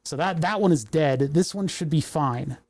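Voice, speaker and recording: A young man streams himself troubleshooting electronics, thinking aloud and muttering as he works. His voice sits a bit high for a man yet has a mellow, soft tone. He gets exasperated and swears when the parts keep failing. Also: moderate pace. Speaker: livestream host. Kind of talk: casual livestream electronics tinkering.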